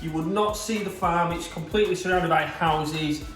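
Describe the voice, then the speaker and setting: Here the Yorkshire produce seller speaks at a moderate pace in a voice on the high side, enthusiastically gushing about fresh produce in a relaxed demo. The room echoes, the mic is distant, and faint music plays.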